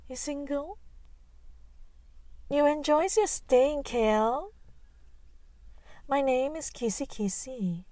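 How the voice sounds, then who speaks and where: Kissy, a woman playing a coy, high-voiced bar flirt. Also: takes it slowly, pauses often, dark tone, dry recording. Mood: flirty. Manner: breathy, coquettish, broken English.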